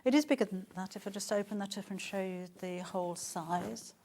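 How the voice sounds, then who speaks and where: A woman's voice: mid-range voice, brisk, a little mellow, a little hiss or hum. A middle-aged woman presenting fabrics on a live sales show, chatting and gushing with lots of restarts.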